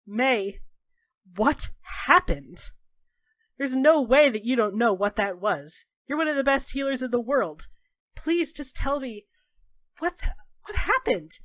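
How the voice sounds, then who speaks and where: Brief: high, loud, theatrical male noble, played by a woman GM. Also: big pitch swings, slow, dry recording, exaggerated voice. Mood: pleading. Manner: exclamatory, swearing, theatrical. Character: loud dramatic fussing male noble friend.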